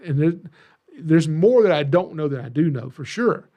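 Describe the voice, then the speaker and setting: A man's voice: fairly high pitch, expressive, normal speed, warm tone, highs cut off. A middle-aged man from Georgia with a Southern accent, hosting a podcast and telling folksy, self-deprecating stories in a casual monologue. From Georgia, USA. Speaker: podcast host, snake educator.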